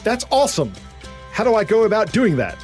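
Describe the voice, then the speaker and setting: A man voicing a chummy, gullible scam target in a put-on Australian accent, pitched high and bouncy. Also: big pitch swings, a little fast, a little mellow, soft background music. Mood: gushing eager.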